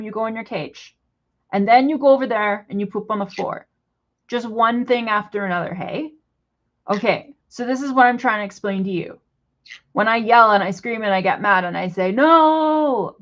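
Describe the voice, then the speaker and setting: A woman's voice: mid-range voice, a bit bright, muffled recording. Exasperated woman lecturing her pet bird. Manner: exasperated, repetitive, lecturing in simple broken phrasing. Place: apartment indoors.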